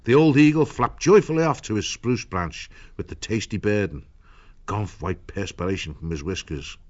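A man reading an audiobook in a measured storytelling manner. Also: lowish voice, expressive, dull audio. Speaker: narrator. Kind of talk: audiobook narration.

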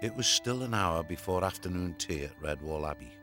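A man narrating a children's fantasy audiobook in a measured, even storytelling manner. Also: low-pitched, music in the background.

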